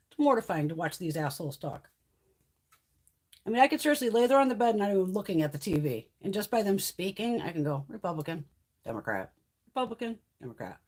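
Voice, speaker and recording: A woman's voice: medium pitch, lively intonation, brisk, darkish tone. A woman hosting a casual livestream chat, ranting heatedly and swearing freely. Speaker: beauty vlogger hosting a livestream.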